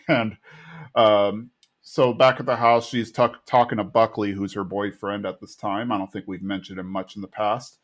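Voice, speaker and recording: A man's voice: lowish voice, level tone, a little slow. Casual man recapping a cartoon episode. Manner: retells scenes, briefly mimicking characters' lines. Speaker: podcast co-host recapping episodes. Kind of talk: casual chat.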